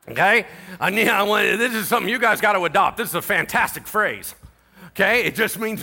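A middle-aged man preaches a sermon, telling stories with real animation. His voice rides high for a man and sounds bright and forceful, rising and falling widely as he swings from hushed asides to near-shouting. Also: brisk, vocal fry. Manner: animated storytelling, voices others in quotes, swings from quiet to shouting. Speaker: pastor.

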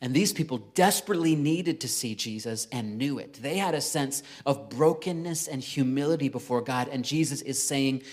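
A man preaching a sermon in a conversational way, swinging between loud emphasis and soft, intimate lines. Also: mid-range voice, normal speed, few pauses. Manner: conversational, with frequent "right?" and light laughs. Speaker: pastor.

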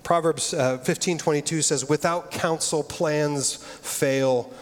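A middle-aged pastor with a slightly high voice preaches at a slow pace in a steady tone. His sermon is earnest and conversational, with frequent restarts of his phrases, and the recording has the long reverb of a large hall.

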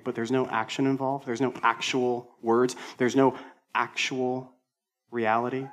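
Animated, emphatic male pastor preaching. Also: mid-range voice, brisk. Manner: self-deprecating humor. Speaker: senior pastor. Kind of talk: sermon.

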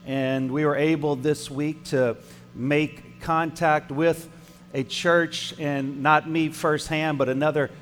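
A man's voice: on the high side, level tone, slow pace, fairly bright tone, in a large hall, faint music behind. A man with a Cajun accent, preaching and leading the offering as pastor, talking in a conversational way with restarts and asides to the congregation. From Louisiana. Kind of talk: sermon.

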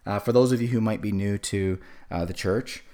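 A man's voice: on the low side, moderate pace, warm tone. A man in his forties with a cold, giving a casual sermon as a pastor, with many fillers and restarts. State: has a cold.

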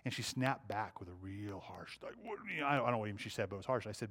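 A man's voice: lowish voice, rapid-fire, hardly any pauses, a bit bright, breathy edge. A man in his thirties leading an interactive Bible study, talking conversationally and putting questions to the group.

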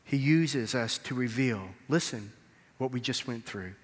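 A man's voice: mid-range voice, measured pace, breathy edge. A male pastor preaching a sermon, telling a story and acting out the dialogue, with emphatic rises in volume. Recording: reverberant hall.

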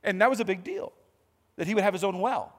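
A male pastor preaching a sermon in a church, telling the story in an animated, conversational way with asides. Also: high-pitched, fast. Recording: long hall reverb.

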